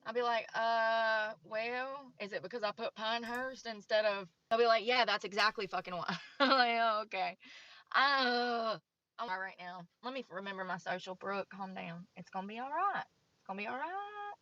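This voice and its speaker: Woman, bright tense voice, casual stream talk, frustrated, swears constantly, slightly muffled dry audio. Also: on the high side, moderate pace, dry recording. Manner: frustrated, swears a lot, talks to herself. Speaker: streamer filling out a form on stream.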